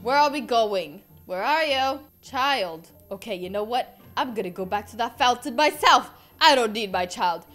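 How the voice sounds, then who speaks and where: A woman's voice: a little high, animated, moderate pace, hardly any pauses, fairly bright tone, faint music behind. A woman playing a fed-up mom in a game role-play, talking in a dramatic, exasperated way and often repeating herself. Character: fed-up mom turned into a monster. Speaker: gaming YouTuber.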